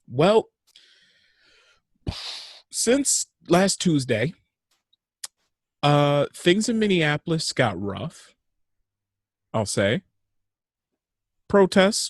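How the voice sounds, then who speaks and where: A young adult man talks bluntly on a podcast, swearing freely and giving his opinions straight. His voice sits at an ordinary middle pitch, and the recording is dry and close, with almost no room sound. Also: no room sound. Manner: blunt, profane, frank opinions. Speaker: podcast co-host. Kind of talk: casual podcast chat.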